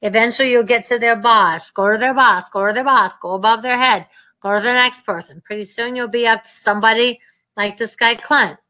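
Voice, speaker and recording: A woman teaching a real estate seminar, telling stories in an emphatic, energetic way with lots of repetition. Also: fairly high pitch, fairly quick, muffled recording.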